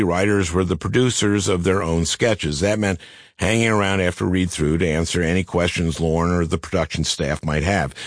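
Deep-voiced older man, deadpan memoir narration. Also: no room sound. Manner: dry, deadpan comic delivery. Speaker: author narrating his memoir.

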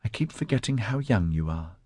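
A level-headed mother of two, measured and dry, as a male narrator puts her on. The voice sits low with a husky edge, recorded close and dead. She speaks with patient tolerance in an audiobook. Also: very animated, warm tone, dry recording. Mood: wary. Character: woman, mother of two, wary and practical.

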